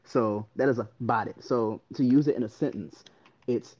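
Man, co-host, relaxed explainer, husky voice, dull lo-fi sound. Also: medium pitch, normal speed. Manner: relaxed, explains terms with examples. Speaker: podcast co-host. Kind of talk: casual chat.

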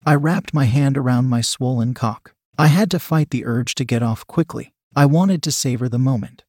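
A man reading a story aloud in a calm, steady way. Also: mid-range voice, normal speed, no room sound, clean studio sound. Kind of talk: scripted story narration.

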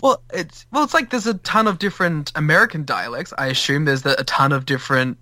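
A man's voice: fairly high pitch, a little fast, bright, forceful tone, no room sound. An Australian man co-hosting a podcast in casual chat, with a dry, wry way of talking. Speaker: podcast co-host.

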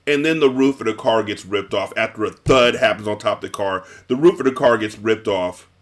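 Brief: middle-aged man, lowish voice, loose chatty storyteller, lots of fillers. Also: brisk, a bit bright. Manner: rambling with frequent fillers and restarts. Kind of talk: casual chat, retelling a story.

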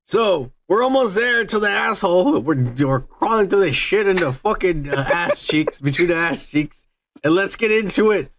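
A man's voice: sits high, lively intonation, moderate pace, background noise. A man hosting a podcast in casual chat, ranting and cursing freely. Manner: profane, ranting. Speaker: podcast host.

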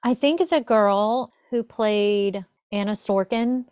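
A woman's voice: medium pitch, slow, darkish tone, clear, resonant tone. Upbeat woman podcast co-host. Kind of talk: casual chat.

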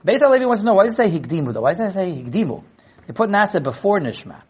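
A man teaching a Talmud class in a lecture style, acting out quoted dialogue and repeating words in quick restarts. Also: high voice, husky, dull audio. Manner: animated, acts out quoted dialogue. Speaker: Torah teacher.

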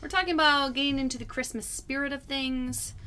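Woman co-host, casual and jokey, bright tone, a touch high. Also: fairly even intonation, brisk. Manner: playful and joking. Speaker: podcast co-host. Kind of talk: casual chat.

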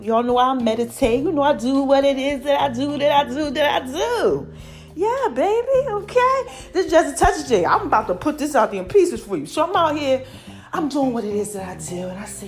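A woman in her forties hosting her own podcast, talking casually and animatedly, giving shout-outs to listeners. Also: high voice, quick pace. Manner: animated, chatty, calls listeners "y'all" and "baby". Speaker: podcast host. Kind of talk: casual monologue.

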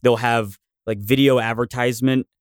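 An American man with a smooth, clean voice tells a rambling story in casual conversation. He muses half-jokingly and builds to a theory. The recording is dry and close. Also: medium pitch, steady tone, normal speed, dry recording. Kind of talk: casual chat.

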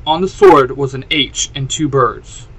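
A man's voice: medium pitch, measured pace, fairly bright tone, husky, rough recording. A man reading a fan fiction story aloud, doing all the characters' lines himself with little change of voice. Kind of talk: storytelling narration.

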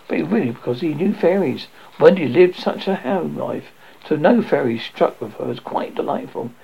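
Storybook reader, halting with restarts, gravelly husky voice, muffled lo-fi sound. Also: mid-range voice. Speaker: audiobook reader. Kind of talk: amateur storybook reading. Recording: dull lo-fi recording.

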